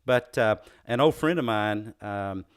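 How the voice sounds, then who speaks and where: Male host, Southern US accent, lowish voice, halting delivery with restarts. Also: clear, resonant tone. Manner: hesitant, restarts phrases often. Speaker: podcast host. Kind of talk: interview conversation.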